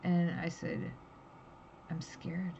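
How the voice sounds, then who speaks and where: A woman's voice: lowish voice, monotone, very slow, gravelly, mellow. Tired, rambling woman on lo-fi audio. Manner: raw, rambling, emotional storytelling. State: tired, drowsy. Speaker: vlogger. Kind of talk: candid personal vlog. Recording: dull lo-fi audio with faint background hiss.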